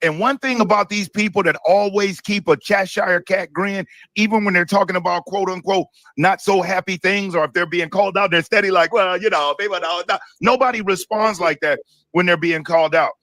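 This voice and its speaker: A man with a notably high, bright voice talks through political clips on a live stream. He explains his opinions in a casual, steady way, and his voice sounds close and dry. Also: brisk, dry recording. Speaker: co-host of a live commentary stream.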